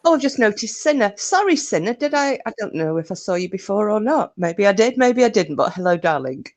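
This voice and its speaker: Lively, self-mocking woman host. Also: medium pitch, fairly quick. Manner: laughing, self-mocking, sweary. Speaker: livestream host. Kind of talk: casual livestream chat.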